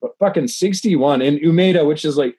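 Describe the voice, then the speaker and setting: A man's voice: on the high side, brisk, mellow, husky, dry recording. A tipsy man co-hosting a podcast, rambling and swearing as he reads news stories aloud with many restarts. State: tipsy from drinking. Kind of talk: casual profane banter, reading articles aloud.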